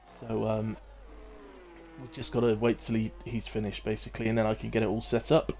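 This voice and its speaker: A man's voice: fairly low pitch, completely flat delivery, fairly quick, gravelly, darkish tone. A middle-aged man hosting a racing-league live stream in casual talk, rambling and self-deprecating with many fillers and restarts.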